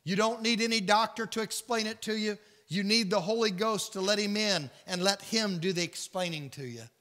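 A high-pitched man with a Southern US accent leads a Bible study at a moderate pace and in a sharp tone, preaching earnestly and voicing the characters in his stories. It's sermon-style teaching with storytelling, and the recording carries church hall reverb.

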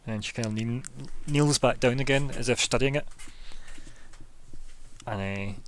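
A man's voice: medium pitch, fairly even intonation, unhurried, pauses often, slight background noise. A man narrating as game master of a tabletop game in a casual way, with many fillers.

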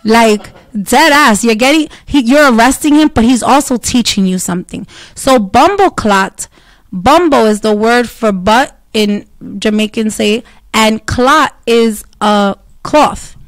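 A woman telling a story in blunt, profane, animated casual talk, with Spanish words dropped in. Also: a little high, a little slow, no room sound.

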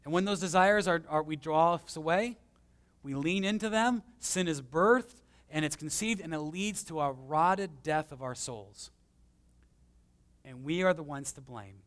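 A man preaching a conversational sermon as pastor, swinging between emphatic and hushed, with self-deprecating stories. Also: on the high side, a little slow. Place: church.

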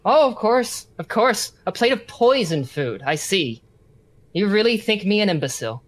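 A man's voice: high voice, very animated, moderate pace, bright, forceful tone, exaggerated voice. A man voicing a scornful enemy officer held prisoner in a tabletop role-playing game. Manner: haughty, scoffing.

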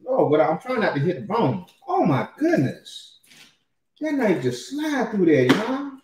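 A man's voice: high voice, huge pitch swings, unhurried, a little mellow, reverberant, a little hiss or hum. A man co-hosting a casual cooking livestream, who exclaims often and talks to viewers as y'all. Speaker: livestream co-host cooking ribs. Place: home kitchen.

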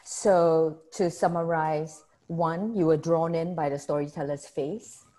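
A middle-aged woman guides a workshop on a video call. Her voice is lowish and mellow, and she talks participants through their answers with a friendly, teacherly rhythm. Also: fairly even intonation, a little slow. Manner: summarizes points, prompts participants by name. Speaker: workshop facilitator. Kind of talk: online workshop discussion.

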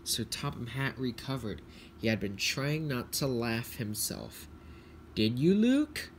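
A man reads a children's train story aloud, slow and deliberate. A faint hiss runs under the recording. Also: medium pitch, fairly bright tone. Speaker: narrator. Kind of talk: storybook narration.

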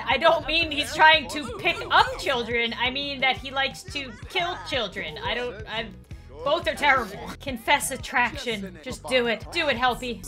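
A young adult woman doing Let's Play commentary, excitable and jokey, scolding and cheering the characters in her game. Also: high-pitched. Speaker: gaming YouTuber. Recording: game music behind.

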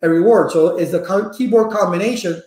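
A man talking casually to viewers as a networking instructor, a lively storyteller full of personal anecdotes. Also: sits high, fast talker. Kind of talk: casual rambling talk to viewers. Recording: echoey room.

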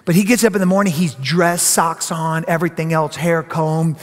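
A middle-aged man delivers a sermon in a big church, his voice pitched high. He preaches in an animated way and slips into other people's voices. A long reverb from the hall trails his words. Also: normal speed. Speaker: pastor. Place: church sanctuary.

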